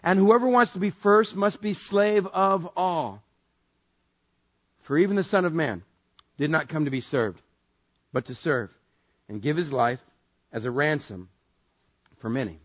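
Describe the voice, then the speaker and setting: A man preaching a sermon in a casual, joking way that builds to loud, emphatic passages. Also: fairly high pitch, lively intonation, a little slow, long pauses, no room sound, muffled recording. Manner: conversational, jokey, rising to loud emphatic preaching. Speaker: pastor.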